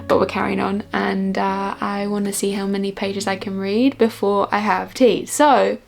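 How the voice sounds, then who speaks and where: A young woman talks casually to the camera from her cosy home, her voice carrying a gravelly, fry-touched texture. She sounds enthusiastic, then turns hushed and soft when she settles down to read, with gentle guitar playing faintly underneath. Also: mid-range voice, fairly even intonation, unhurried, hardly any pauses. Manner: chatty and enthusiastic, drops to a soft hush while reading. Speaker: vlogger. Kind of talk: casual vlog chat. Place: cosy home reading corner.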